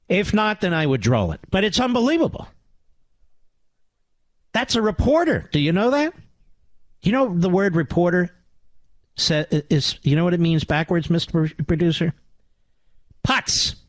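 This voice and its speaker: A middle-aged man hosting a talk radio show, ranting with sarcasm and swinging between loud outbursts and low mutters. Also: no echo. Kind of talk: angry talk radio monologue.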